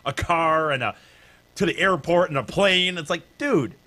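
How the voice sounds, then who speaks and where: A man's voice: on the high side, normal speed, sharp tone. A man with a Detroit accent on a comedy podcast, joking with disbelief. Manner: incredulous joking. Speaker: podcast co-host. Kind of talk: casual comedic chat.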